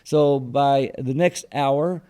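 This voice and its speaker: A man's voice: mid-range voice, slow pace, mellow. A man, a guest in an interview, telling long anecdotes and quoting what others said, with fillers and restarts. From Texas. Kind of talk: storytelling interview.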